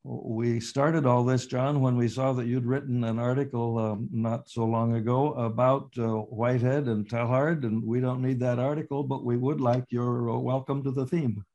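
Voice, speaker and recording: A man's voice: medium pitch, little pitch movement, normal speed, few pauses, warm tone, lo-fi sound. A man hosting a talk, introducing the guest in a hesitant way with many ums and uhs. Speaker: host.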